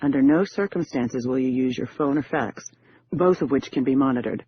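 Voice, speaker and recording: A man voicing a confident female con artist who briefs in a smooth, businesslike way, on a muffled lo-fi recording. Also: medium pitch, normal speed, close to an everyday voice.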